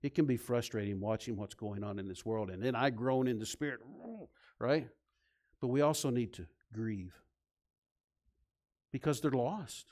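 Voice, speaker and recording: A man preaching a sermon, swinging from loud, emphatic points to soft, low passages. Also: normal speed, pauses often. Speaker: pastor.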